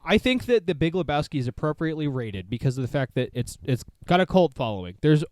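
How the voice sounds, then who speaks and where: A man's voice: on the high side, sing-song, quick pace, a little mellow, dry recording. A man co-hosting a podcast, chatting casually with loose, profane talk and frequent laughter. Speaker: podcast co-host. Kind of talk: casual chat.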